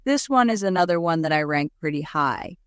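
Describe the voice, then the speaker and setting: A woman's voice: low-pitched, expressive, a little fast, no room sound, studio quality. A woman co-hosting a podcast, talking through a film adaptation in a chatty, reflective way. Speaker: podcast co-host. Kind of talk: casual chat.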